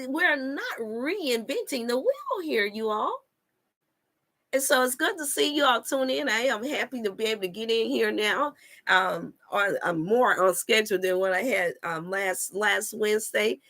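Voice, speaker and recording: Speaking unhurriedly in a slightly high, fairly bright voice, a wellness coach hosts a live stream on her channel. She preaches to viewers emphatically and repetitively, packing in scripture and addressing them as "y'all" and "you all."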